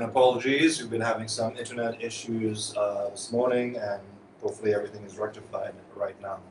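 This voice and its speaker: A man, a priest, reading the Gospel and giving a homily at Mass with measured, steady delivery. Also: medium pitch, a little hiss or hum. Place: church. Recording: echoey church from far off.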